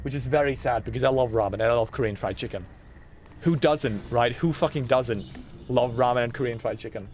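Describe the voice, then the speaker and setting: While streaming a game, a young man chats casually with his chat, ranting excitedly and swearing freely. His mid-range voice is brisk, and there's a little hiss or hum in the recording.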